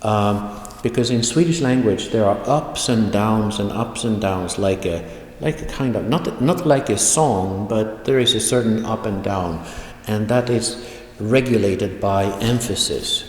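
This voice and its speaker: A man teaching an online language lesson, speaking slowly and deliberately and repeating example phrases. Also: fairly low pitch, a little mellow. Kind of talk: online video lecture. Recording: echoey room with long reverb.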